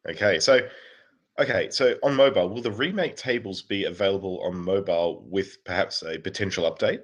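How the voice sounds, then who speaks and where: A man co-hosts a podcast, reading out listener questions in an easygoing, amused manner. His voice sits very low and has a husky edge. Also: brisk. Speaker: podcast co-host.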